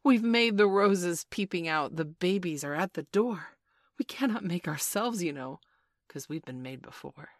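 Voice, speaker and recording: A woman's voice: fairly low pitch, lively intonation, a little slow, no echo, clean studio sound. A woman reading a storybook and voicing a group of eager little boys who chant together in a sing-song way.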